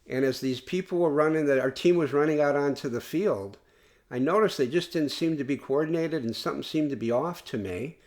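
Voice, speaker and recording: A man's voice: on the high side, brisk, a little mellow. A man hosting a casual solo podcast, talking in an earnest, rambling way and often restarting his sentences. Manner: rambling, earnest fan talk with frequent restarts. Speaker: podcast host.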